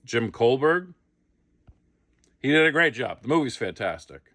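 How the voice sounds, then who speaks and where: A man's voice: mid-range voice, sing-song, unhurried, a bit bright, no room sound. A middle-aged man casually telling a comic behind-the-scenes story, acting out the quotes. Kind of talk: casual anecdote.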